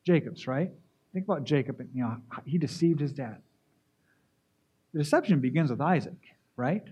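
High-voiced man preaching a sermon. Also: expressive, moderate pace, warm tone, breathy edge, highs cut off. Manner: poses rhetorical questions to the congregation; repeats words as he restarts phrases.

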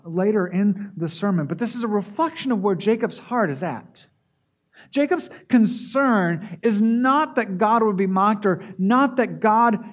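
A man with a high-pitched voice delivers a sermon, putting rhetorical questions to his listeners. He often doubles words as he restarts his phrases. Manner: poses rhetorical questions to the congregation. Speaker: preacher.

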